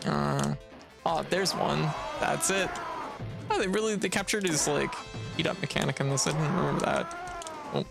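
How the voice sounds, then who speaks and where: A livestreamer from Canada rants about a game in a gravelly voice, swearing freely and sounding exasperated. The tone stays casual and talkative, like running commentary on a home stream. Game music plays clearly underneath. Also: medium pitch, a little slow, pauses often. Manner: profane, exasperated ranting with frequent laughs. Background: video game music.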